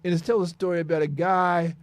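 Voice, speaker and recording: A male radio host talks casually, stopping and restarting often with plenty of fillers. His voice sits a little high for a man. The sound is dry and close, with no room around it. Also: flat delivery, a little fast, no room sound. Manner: hesitant, with many fillers and restarts.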